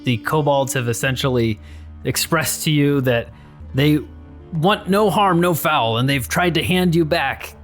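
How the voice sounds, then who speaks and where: A man's voice: on the high side, a little slow, soft background music. A man narrating a tabletop game as game master, rambling and restarting often. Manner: rambling, with frequent fillers and restarts.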